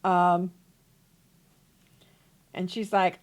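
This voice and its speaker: A woman's voice: on the high side, animated, unhurried, pushed and bright. A woman hosting a let's play, chatting casually and laughing as she comments on her game.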